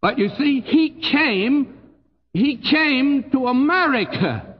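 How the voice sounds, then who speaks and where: An older man with a Texan accent preaching a sermon in a folksy, emphatic way, his voice swooping high on key phrases and dropping low. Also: lively intonation, takes it slowly, husky, big-room sound, highs cut off. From Texas. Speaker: pastor.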